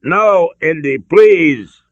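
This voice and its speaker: A man's voice: a little high, expressive, very slow, no room sound, highs cut off, voice pushed up, heavily acted. A man voicing a strong loyal friend who bellows and grunts in a story reading. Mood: pleading.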